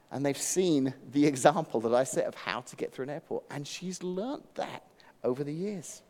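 A middle-aged man, giving an animated, self-mocking storytelling devotional talk and laughing often. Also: on the high side. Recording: long hall reverb.

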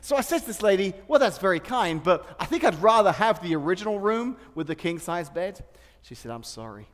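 A pastor preaching a sermon, telling humorous personal stories and laughing often. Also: male voice, sits high, expressive, fairly quick. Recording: long hall reverb.

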